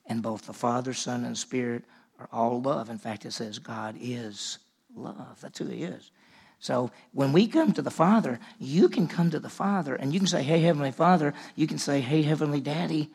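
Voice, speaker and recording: A man's voice: medium pitch, moderate pace, creaky, slightly rough. A male pastor preaching a sermon in a conversational way, asking the congregation questions and rising in emphasis. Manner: conversational preaching, rhetorical questions, animated rises.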